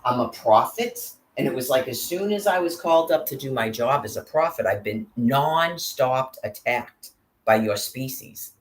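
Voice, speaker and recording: A woman's voice: rumbling low, animated, normal speed. Woman ranting angrily in a roomy echo. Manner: agitated, profane ranting. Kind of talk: angry monologue to camera.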